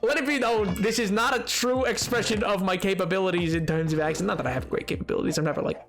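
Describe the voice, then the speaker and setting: High-voiced rambling man streaming games. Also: fast, a bit bright, soft background music. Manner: rambling, stammering restarts, laughing often. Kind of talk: casual gaming stream chat.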